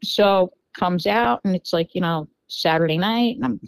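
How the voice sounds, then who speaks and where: A woman with a New York accent telling a dating story in a casual podcast interview, animated and full of fillers, acting out quoted dialogue. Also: fairly low pitch, normal speed, vocal fry, no room sound, poor audio. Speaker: podcast guest.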